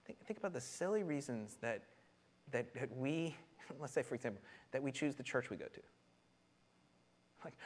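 Animated man preaching a sermon. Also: medium pitch, moderate pace, pauses often. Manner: animated, laughs often, repeats words. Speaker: pastor.

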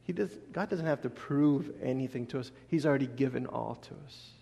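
A man preaching a casual sermon as a pastor, animated, acting out voices and laughing often. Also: medium pitch, brisk, creaky, a little hiss or hum. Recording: long echo of a large hall.

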